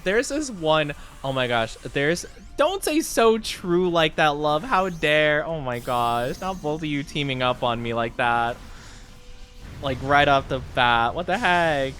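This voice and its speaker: A young man chatting casually on a live stream, rambling and self-deprecating, often jumping into high squeals. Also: lively intonation, measured pace, fairly bright tone, soft background music.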